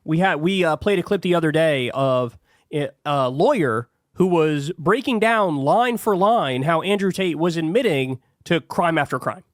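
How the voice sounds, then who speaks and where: A man's voice: on the high side, expressive, normal speed, dry recording, studio quality. A man hosting a heated political commentary show, sarcastic and profane.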